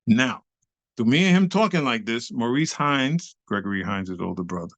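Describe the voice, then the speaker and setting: A man's voice: medium pitch, lively intonation, moderate pace, fairly bright tone, dry recording, muffled recording. A middle-aged man, a guest on an interview show, telling a story animatedly, swearing freely in street slang and acting out scenes with beats and sound effects.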